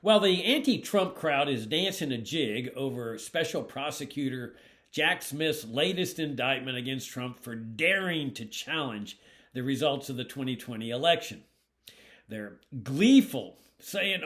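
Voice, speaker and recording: A man's voice: medium pitch, animated, unhurried, a bit bright. A man from South Texas, a political candidate, delivering a sarcastic commentary monologue with frequent chuckles. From South Texas, USA. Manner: sarcastic, mocking, chuckles often.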